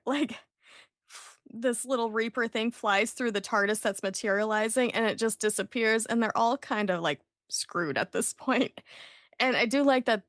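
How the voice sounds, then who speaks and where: Lively woman recapping on a podcast. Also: medium pitch, dry recording, studio quality. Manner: animated retelling, acts out character lines. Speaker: podcast host recapping an episode.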